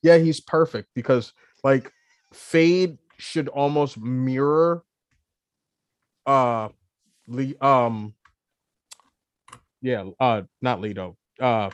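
A man co-hosting a casual chat, animated and hesitant, restarting his sentences often. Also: medium pitch, very slow, long pauses, no echo. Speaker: podcast co-host.

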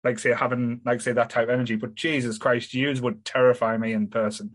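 A man's voice: medium pitch, little pitch movement, fairly quick. Laid-back man hosting a podcast. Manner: laid-back, rambling, swears casually. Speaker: podcast host. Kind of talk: casual chat.

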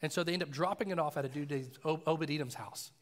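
A pastor preaching a sermon in a loose, casual way, telling stories and acting out voices in them. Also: male voice, a little high, fast, big-room sound. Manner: casual, animated storytelling with acted voices. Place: church sanctuary.

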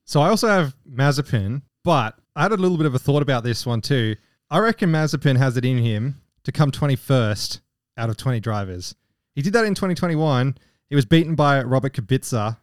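A young Australian man talks on a casual podcast, laid-back and opinionated. His voice is mid-pitched and sounds dry and close, with no room echo. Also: animated, a little fast. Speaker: podcast co-host.

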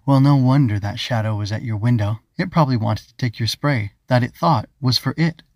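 A man's voice: mid-range voice, fairly quick, a little mellow, dry recording, studio quality, close to an everyday voice. A man voicing a small, prim and fussy glowing bug creature who speaks formally and properly. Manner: formal and proper, calls others dear.

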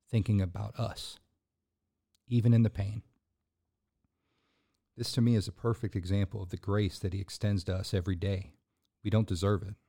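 A man's voice: lowish voice, dark tone. A man hosting a sermon-style podcast, talking earnestly in a casual way with fillers, then building to emphatic, preacherly bursts. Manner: casual fillers and restarts between points. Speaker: podcast host.

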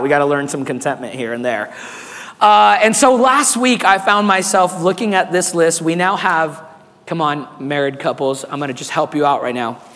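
A man preaching a sermon as pastor, hoarse and raspy, animated and calling on the congregation to respond. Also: high voice, in a large hall.

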